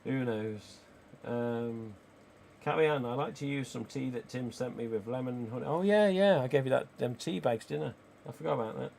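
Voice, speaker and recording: A croaky man, chatting casually as a live stream host. He reads viewer comments aloud and answers in a cheeky, easygoing way, with casual swearing. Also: mid-range voice, moderate pace, darkish tone, slight background noise. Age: 40s. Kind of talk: casual livestream chat reading viewer comments.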